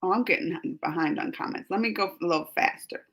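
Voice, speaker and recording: A woman hosting a live stream, chatting casually with her viewers. She is emotional and laughs often, going from giggly to soft and earnest. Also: fairly low pitch, fairly quick. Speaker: reaction channel host reading live chat.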